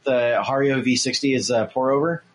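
A man co-hosting a podcast in casual chat, relaxed and jokey. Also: mid-range voice, fairly quick. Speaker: podcast co-host.

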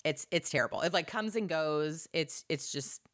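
A woman chatting casually about an old movie, sarcastic and animated, acting out the characters in lively voices. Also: sits low, normal speed. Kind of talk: casual movie recap chat.

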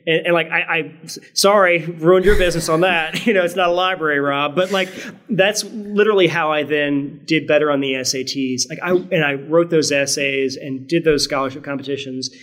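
A man's voice: fairly high pitch, fairly even intonation, normal speed, a bit bright. A middle-aged man from Virginia with a mostly standard American accent and a faint Southern trace, talking earnestly and reflectively as a podcast guest, often restarting and adding "right?". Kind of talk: conversational podcast interview.

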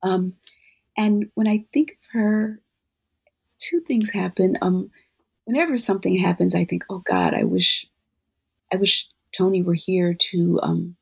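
An author and guest answering interview questions in a thoughtful, halting way with many fillers. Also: medium pitch, gravelly, husky.

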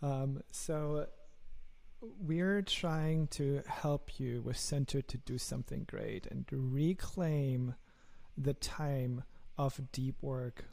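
A man's voice: medium pitch, slow pace, gravelly, a little mellow. A man with a German accent, a startup founder talking earnestly as a guest in an interview, often repeating words as he starts a sentence. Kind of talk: casual interview talk.

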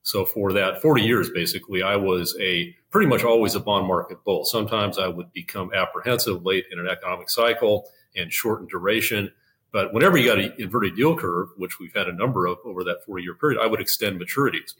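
An older man, a guest in a finance interview, explaining in a measured way with frequent fillers and restarts. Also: sits low, fairly bright tone, poor audio. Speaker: investment officer, guest.

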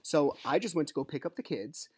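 Fairly quick and expressive, with a slightly high, breathy voice, a man vents on his podcast about fighting for custody as a divorced father, swearing and tripping over his own words. The studio sound is echo-free.

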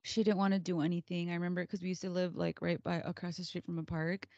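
Woman, 30s, podcast co-host, casual chat, animated storyteller, dry, muffled lo-fi. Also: lowish voice, fast talker, no room sound. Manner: animated storyteller, acts out kids' voices.

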